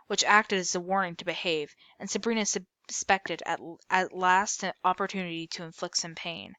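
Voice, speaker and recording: Lower-pitched woman reading a novel aloud. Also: dry recording. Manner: steady read-aloud with small slips and self-corrections. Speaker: storyteller.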